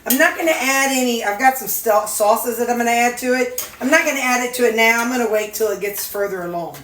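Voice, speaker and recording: A woman's voice: fairly high pitch, fast talker, fairly bright tone, a little hiss or hum. A woman vlogger cooking at home in a casual, folksy way, chatting to her viewers and dogs. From Missouri, USA. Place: home kitchen. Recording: echoey kitchen with sizzling skillet.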